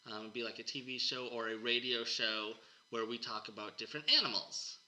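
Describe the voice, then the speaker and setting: A male podcast host talks in loose, friendly chat that tends to ramble. His voice has a bright, sharp edge, and he speaks at an ordinary pitch. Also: steady tone, brisk, low-quality recording. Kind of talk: casual chat.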